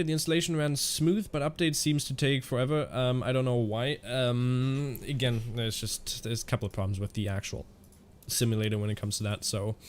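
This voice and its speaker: A man streaming a flight simulator, chatting casually in a halting way and answering viewers' questions as he flies. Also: mid-range voice. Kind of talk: casual live-stream commentary.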